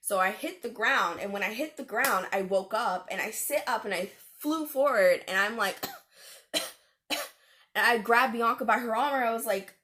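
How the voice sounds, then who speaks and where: A woman's voice: a little high, moderate pace, bright, forceful tone. A young adult woman vlogger telling a personal story to camera in a casual, chatty way, full of slang and fillers.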